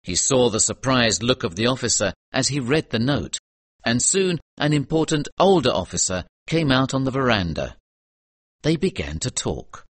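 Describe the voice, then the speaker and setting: A man's voice: mid-range voice, sing-song, dry recording. Man reading a storybook aloud. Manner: clear, measured storytelling. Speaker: narrator. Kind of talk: scripted audiobook narration.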